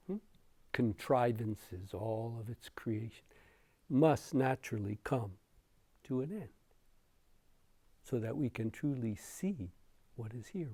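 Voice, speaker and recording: A man giving a dharma talk as a meditation teacher, telling a story in an unhurried way with soft chuckles. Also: medium pitch, no echo.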